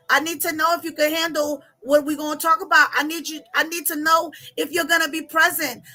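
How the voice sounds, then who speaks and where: High bright emotional woman coach. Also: poor audio. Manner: emotional, laughing through tears, reads viewer comments aloud. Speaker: life coach. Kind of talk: live-stream coaching talk.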